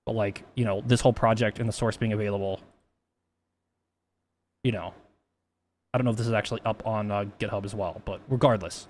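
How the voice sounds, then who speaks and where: A man's voice: on the low side, steady tone, fairly quick, pauses often, a little mellow, a little hiss or hum. A man talking casually on a stream, rambling with many restarts and plenty of swearing.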